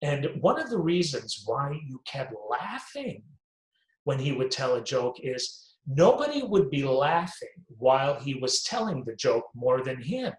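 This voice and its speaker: Man, wellness show host, lively rising and falling pitch, echoey room. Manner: animated, emphatic, slow deliberate delivery. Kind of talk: health and wellness talk to camera.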